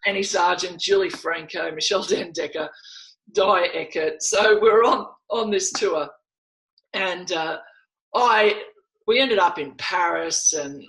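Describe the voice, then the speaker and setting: An Australian woman in her fifties, a former athlete telling stories in a podcast interview, lively and laughing often as she acts out old conversations. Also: lowish voice, measured pace, vocal fry, low-quality recording. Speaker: guest, former netball player.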